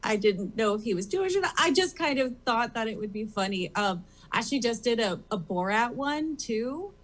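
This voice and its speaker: A woman's voice: fairly high pitch, animated, brisk. A woman guest on a talk show, chatting casually and rambling with lots of fillers. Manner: rambling, full of "like" and "um". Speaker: guest drag performer. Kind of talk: casual interview chat. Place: comedy theater stage.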